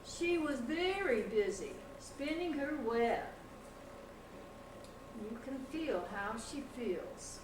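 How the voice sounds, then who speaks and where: An older woman, a grandmother, slowly reading a picture book aloud to a child with gentle pauses. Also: sits high, expressive. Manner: slow, gentle storytelling with pauses. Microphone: home video camera across the room. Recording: echoey room, distant camcorder mic, noise.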